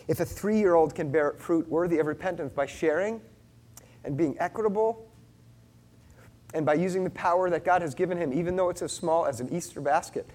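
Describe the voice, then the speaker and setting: Middle-aged guy preaching a sermon, slightly high voice, earnest storyteller. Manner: earnest storytelling, shifting between loud and hushed. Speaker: pastor.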